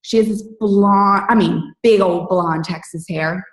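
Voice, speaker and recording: A woman's voice: mid-range voice, steady tone, unhurried. A woman in her late thirties telling her personal story to her team in a candid, chatty way, with plenty of "like" and "you guys". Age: 30s. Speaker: fitness coach speaking on a team call. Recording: roomy, distant from the mic.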